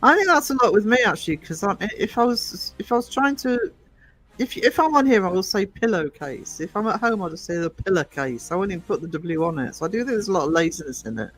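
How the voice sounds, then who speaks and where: A man's voice: high-pitched, expressive, fast, a bit bright, poor audio. A man with a northern English accent hosting a livestream, chatting playfully and laughing often. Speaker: livestream host. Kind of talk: casual chat.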